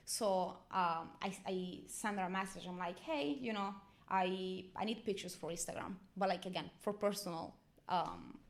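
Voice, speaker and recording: A young woman, a model, talking in a casual interview and acting out quoted dialogue. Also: on the low side. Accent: non-American foreign accent. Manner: animated, acts out quoted dialogue. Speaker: guest model.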